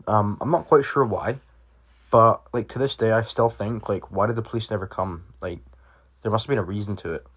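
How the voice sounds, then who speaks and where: A young man from Britain tells a personal story straight to camera in a loose, rambling way. He peppers his talk with fillers and swearing. His voice sits on the low side. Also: a little fast, fairly bright tone. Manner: rambling, heavy swearing, lots of "like". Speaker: vlogger. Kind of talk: casual storytelling.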